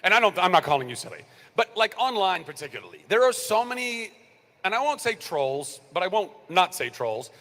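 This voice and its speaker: A man's voice: fairly quick, long reverb tail. A middle-aged actor on a fan convention panel, rambling, swearing and laughing as he talks to the crowd. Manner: animated, rambling, swears, laughs, goes loud and high. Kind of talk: freewheeling panel talk to fans.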